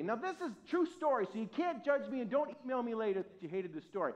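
A man preaching at a church service, telling a personal story in an animated, self-mocking way, with his voice swinging from quiet to loud. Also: high voice, quick pace, few pauses. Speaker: pastor. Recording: dull lo-fi sound.

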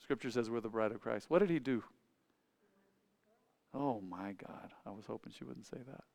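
A man preaching a sermon to a church congregation. He talks conversationally, asks the congregation questions, and swings between loud, emphatic points and quiet asides. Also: medium pitch, moderate pace, vocal fry, dry recording. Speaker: pastor.

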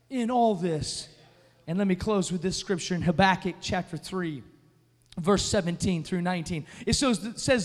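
A man preaching a sermon as pastor, telling a story and then building to loud, emphatic preaching. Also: sits high, normal speed. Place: church sanctuary. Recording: long reverb of a large hall.

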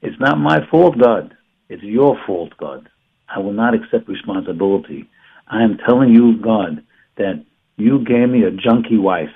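A man's voice: on the low side, expressive, moderate pace, vocal fry, husky, exaggerated voice. A man acting out a defiant grown man who shifts all the blame, with an indignant, accusing manner, in a lesson. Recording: tinny phone-like sound.

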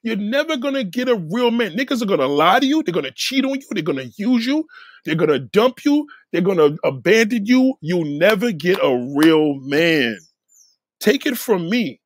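A man hosting a livestream, ranting in a profane, blunt, lecturing way that swings between loud outbursts and low mutters. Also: sing-song, moderate pace, no echo. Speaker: livestream host. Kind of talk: profane casual rant.

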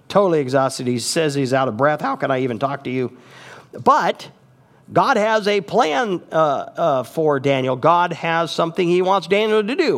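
A man in his fifties, a pastor, preaching a sermon with expressive, emphatic rises and asides. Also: medium pitch. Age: 50s. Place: church sanctuary.

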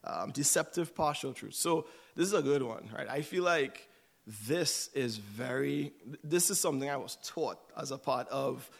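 A man's voice: mid-range voice, moderate pace, vocal fry. A man giving a sermon in a conversational way, often checking in with "right?". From United States. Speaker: church speaker.

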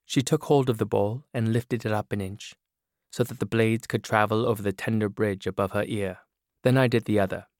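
A man narrating a novel in a measured first-person reading. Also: on the low side, no room sound. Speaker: audiobook narrator. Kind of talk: scripted narration. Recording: dry studio booth.

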